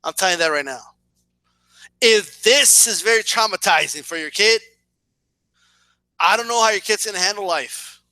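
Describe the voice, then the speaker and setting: A man's voice: high voice, lively intonation, normal speed, long pauses, sharp tone, no room sound. A man in his thirties ranting in a casual video, sarcastic and profane, often stumbling over and repeating words as he gets worked up. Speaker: boxing and wrestling commentator.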